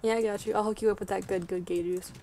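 Woman streamer, playful banter, mid pitch, slight noise in the line. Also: steady tone, fast, gravelly, dark tone. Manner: joking, playful. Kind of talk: casual gaming chat.

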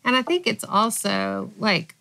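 A woman's voice: medium pitch, lively intonation, unhurried, vocal fry, bright, forceful tone. A woman hosting a faith podcast, speaking in a reflective, thoughtful way. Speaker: podcast host. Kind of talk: casual podcast discussion.

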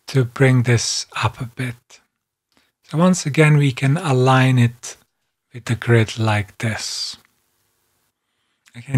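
Male tutorial narrator, slow deliberate delivery, calm step-by-step voice-over. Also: medium pitch. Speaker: software instructor. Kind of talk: screen-recorded tutorial narration.

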